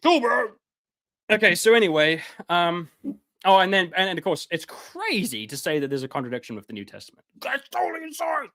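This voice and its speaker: A man with a fairly high voice gives an impassioned live-stream lecture. He talks with heavy sarcasm, stacking ums and restarts as his points pour out. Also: very animated, a little fast, fairly bright tone.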